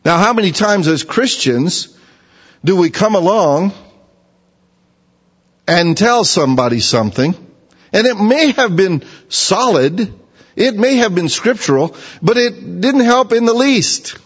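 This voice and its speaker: A man delivers a sermon with a lively, swooping voice that rides a little high. He talks conversationally and acts out what other people say to make his point. The sound is dull and rings with a long hall reverb. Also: a little slow, slightly rough. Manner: animated, mocking voices of others. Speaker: preacher.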